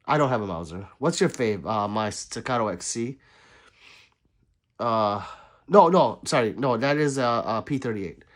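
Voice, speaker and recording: Lively man chatting on a livestream. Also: mid-range voice, a little slow. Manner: chatty, swings between loud and quiet asides. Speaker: livestream host. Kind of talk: casual chat reading viewer comments.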